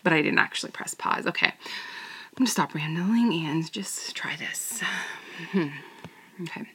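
A woman's voice: low-pitched, a little slow, fairly bright tone, husky. A woman who performs audio role-plays, chatting casually and rambling with nervous giggles, often dropping to a whisper. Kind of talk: casual chat.

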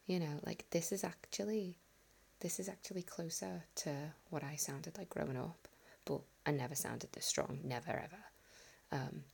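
Chatty northern woman w soft scouse accent, whispered asmr ramble, low breathy voice. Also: steady tone, moderate pace. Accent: soft Liverpool. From northern England. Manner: half-whispered, chatty, self-deprecating. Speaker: ASMR audio creator.

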